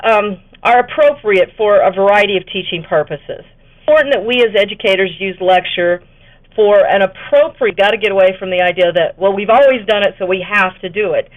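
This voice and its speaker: A woman presents an instructional webinar to fellow educators, talking conversationally with fillers and the occasional self-correction. Her mid-range voice moves fairly quickly. The audio is tinny and phone-like, typical of a webinar.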